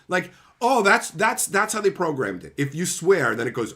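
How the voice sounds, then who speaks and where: A man's voice: fairly high pitch, very animated, fast, hardly any pauses, a bit bright. A man streaming live, ranting angrily and sarcastically with lots of swearing while answering his chat. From Canada. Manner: angry, profane, sarcastic ranting.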